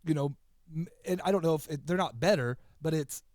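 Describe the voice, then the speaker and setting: A man's voice: fairly high pitch, fairly quick, a little mellow, dry recording, clean studio sound. Rambling talky podcast co-host, man. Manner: rambling, stop-start storyteller. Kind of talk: casual chat.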